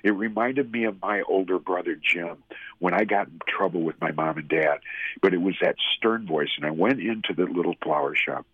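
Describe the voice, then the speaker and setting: A middle-aged man, a radio personality, telling a personal faith story in a halting, heartfelt way. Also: sits low, husky, dry recording, phone-quality sound. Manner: halting storytelling with restarts, emotional. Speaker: guest, former radio host. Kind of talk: personal testimony in an interview.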